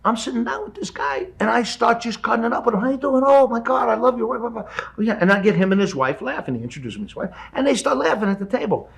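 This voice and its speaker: A man in his fifties, a guest in a studio interview, telling a story with animated energy and acting out the people in it. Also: high-pitched, fast talker, vocal fry, hardly any pauses, a little hiss or hum. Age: 50s.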